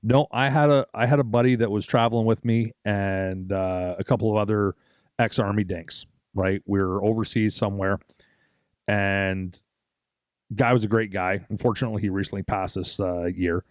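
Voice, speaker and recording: A man's voice: fairly low pitch, steady tone, normal speed, no room sound, clean studio sound. A man co-hosting a casual podcast, telling a story with plenty of swearing and quoted voices. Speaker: podcast co-host. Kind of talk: casual chat.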